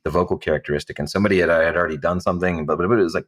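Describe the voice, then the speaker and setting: A low-pitched man speaks at a brisk clip in a casual panel conversation. He is an audiobook narrator who stumbles and repeats words as he thinks back, yet keeps talking quickly. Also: steady tone, a bit bright. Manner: halting, repeats words while recalling.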